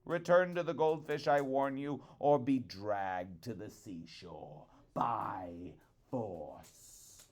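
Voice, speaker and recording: A man voicing a proud, greedy old peasant woman who shouts orders imperiously in a storybook reading. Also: fairly high pitch, steady tone, normal speed, few pauses, smooth, natural voice. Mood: haughty, furious.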